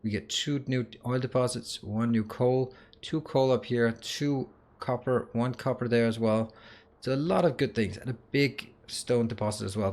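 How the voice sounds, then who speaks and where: A man's voice: medium pitch, darkish tone. A man giving casual gameplay commentary, thinking aloud with fillers and restarts as he walks through changes. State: has the hiccups. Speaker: gaming YouTuber.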